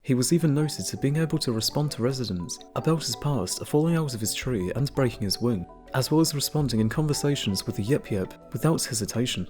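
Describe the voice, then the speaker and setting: A man reading a scripted educational narration in a measured, informative manner. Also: mid-range voice, lively intonation, darkish tone. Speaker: narrator of a nature video. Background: faint background music.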